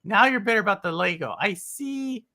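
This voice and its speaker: Bright, lively woman host. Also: medium pitch, moderate pace. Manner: playful, teasing reactions. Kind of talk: casual podcast chat.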